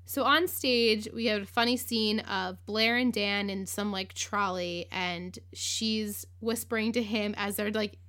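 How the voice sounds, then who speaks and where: Woman, podcast host, chatty recap, full of "like", bright clear tone. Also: mid-range voice, steady tone, measured pace, few pauses. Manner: chatty, lots of "like", acts out quotes, laughs. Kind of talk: casual recap chat.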